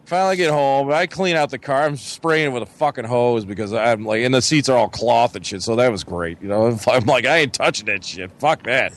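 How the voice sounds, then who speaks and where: Profane middle-aged man telling stories. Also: medium pitch. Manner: profane storytelling, lots of "you know". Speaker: podcast co-host. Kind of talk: casual chat.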